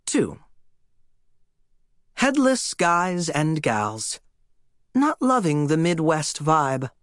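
Wry, lively male audiobook narrator. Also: fairly high pitch, extremely slow, no room sound, studio quality. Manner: wry, theatrical first-person narration.

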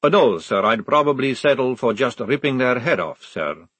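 A man voicing a calm, polite young male recruit who speaks patiently. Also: husky, no room sound. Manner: patient, courteous, high and measured.

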